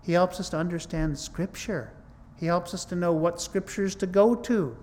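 A man's voice: high-pitched, moderate pace, a little mellow, slight background noise. A man preaching a sermon in a conversational but emphatic way, teaching from scripture and stressing points with rises in his voice. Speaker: pastor.

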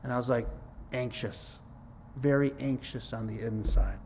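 A man's voice: medium pitch, a little slow, darkish tone, slight background noise. A middle-aged man preaching a sermon in a conversational, earnest way, mixing scripture with his own testimony. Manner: conversational, earnest, repeats "it's like, whoa".

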